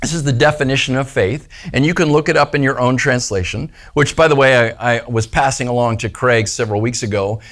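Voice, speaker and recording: A man's voice: medium pitch, fairly quick, few pauses, fairly bright tone. A man preaching a casual, playful sermon to a small church gathering, often acting out the voices he quotes. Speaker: pastor.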